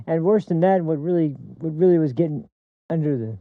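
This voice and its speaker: A man's voice: a little high, brisk, dry recording, narrow, tinny audio. A man hosting a podcast, delivering a blunt, crude political commentary monologue that rambles with many restarts. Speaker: podcast host.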